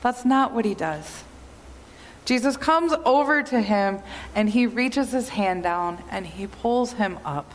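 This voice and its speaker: A woman pastor giving an earnest, measured sermon in a church. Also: fairly high pitch. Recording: long hall reverb.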